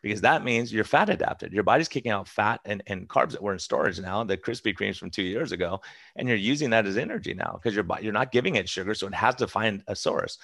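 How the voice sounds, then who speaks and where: A middle-aged man speaks quickly in a low, gravelly voice, a doctor explaining with emphatic, rushed restarts. The sound is close and dry, with no room around it. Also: a bit bright, dry recording. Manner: fast, emphatic, many restarts and acted-out quotes. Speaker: preventive medicine doctor. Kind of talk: casual interview talk.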